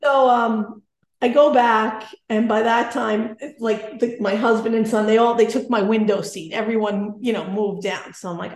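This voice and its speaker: A woman in her forties telling a personal story in casual conversation, animated and self-deprecating. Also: fairly high pitch, normal speed, echoey room.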